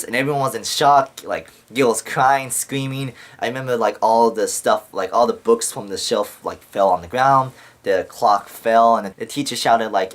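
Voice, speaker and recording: A man's voice: mid-range voice, animated, moderate pace. Young man rambling with heavy swearing. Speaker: vlogger. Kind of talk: casual storytelling to camera.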